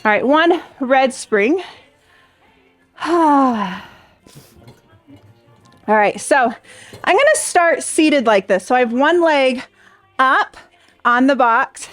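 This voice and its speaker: Upbeat pilates teacher lady, high voice, counting reps and whooping, kinda out of breath. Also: expressive, takes it slowly, a bit bright, soft background music. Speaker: Pilates instructor. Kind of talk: workout class instruction.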